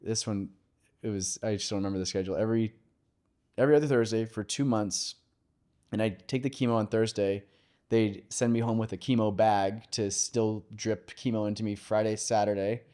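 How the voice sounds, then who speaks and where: Low, smooth-voiced man telling his story. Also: a little mellow. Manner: open and conversational, with filler pauses. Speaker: podcast guest, mortgage lender. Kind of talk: candid personal storytelling.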